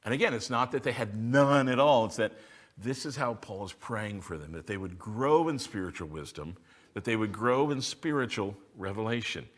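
A pastor delivers an expository sermon to his congregation, posing rhetorical questions and then answering them as he teaches. His voice sits on the low side, expressive, at a normal speed.

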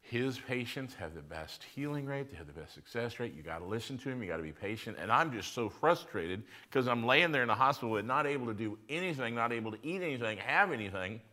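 A male pastor telling a personal story in a sermon, conversational, moving between loud emphasis and hushed moments. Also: medium pitch, sing-song, fast talker, few pauses.

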